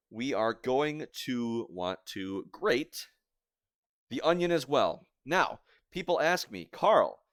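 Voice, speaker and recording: A man's voice: lowish voice, clean tone, dry recording. A young man casually narrating a live cooking stream from his home kitchen, rambling and self-deprecating with filler words, filmed on a phone on a tripod. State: teary-eyed from onions.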